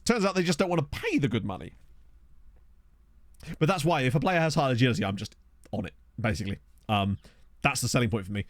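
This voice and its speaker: A man talks through a football management game on his stream, musing aloud in a loose, chatty way. His pitch swings up and down a lot as he reacts. The sound is close and dry, with no room around it. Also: very animated, fast talker, pauses often, dry recording. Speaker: gaming streamer. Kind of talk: casual let's-play commentary. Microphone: desk microphone.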